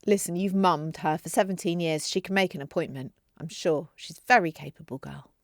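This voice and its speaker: A woman's voice: lowish voice, fairly quick, dry recording, studio quality. A woman in her forties, co-hosting a podcast with wry, sardonic banter. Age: 40s. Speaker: podcast co-host. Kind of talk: casual chat.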